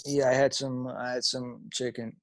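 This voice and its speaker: A man's voice: mid-range voice, little pitch movement, moderate pace, no room sound. A man guesting on a podcast, answering in short, laid-back replies. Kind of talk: casual chat.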